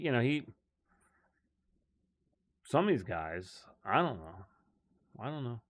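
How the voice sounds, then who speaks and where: A man's voice: on the low side, fairly bright tone. A man hosting a live golf stream, telling stories in a loose, rambling way and laughing often. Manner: rambling storyteller, many restarts and laughs. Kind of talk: casual live-stream chat.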